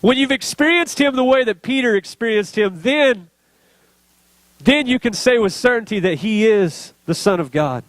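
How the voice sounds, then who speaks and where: A man's voice: high voice, lively intonation, normal speed, dry recording. A man preaching a sermon as pastor, speaking earnestly and building to emotional intensity.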